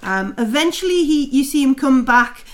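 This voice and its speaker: A woman's voice: high voice, expressive, moderate pace. A woman narrating a tabletop game as game master, hesitant with many filler sounds. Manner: hesitant, lots of ums, laughs often.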